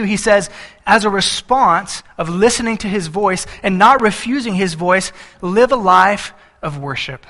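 Bright-voiced man preaching a sermon. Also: sits high. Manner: rhetorical questions to the congregation, reads verses aloud. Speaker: pastor. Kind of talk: expository sermon.

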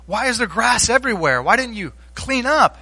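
A man's voice: very high voice, lively intonation, moderate pace, creaky, sharp tone, voice pushed up, full character voice. A man voicing a frustrated father who questions his son again and again in a sermon story. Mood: exasperated. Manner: exasperated, repeated questions.

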